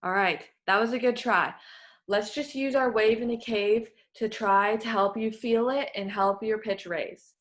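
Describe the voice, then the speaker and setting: A woman's voice: on the high side, steady tone, unhurried. A woman working as a voice clinician, giving patient, encouraging step-by-step instructions in a therapy session.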